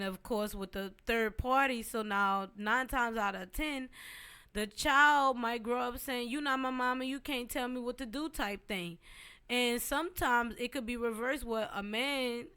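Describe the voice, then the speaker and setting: A woman's voice: a little high, pushed and bright, clean tone. A woman co-hosting a podcast, talking casually and emphatically, sprinkling "like" and "period" through her points. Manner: emphatic, opinionated, says "like" and "period" often. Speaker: podcast co-host. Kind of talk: casual chat. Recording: music playing behind.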